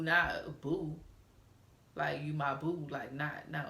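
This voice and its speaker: A young woman from Atlanta, telling a story casually and reading out text messages in an animated way. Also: low-pitched, takes it slowly, vocal fry, roomy sound. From Atlanta, USA. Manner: animated, reads out texts in a playful drawl. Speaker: storytime vlogger.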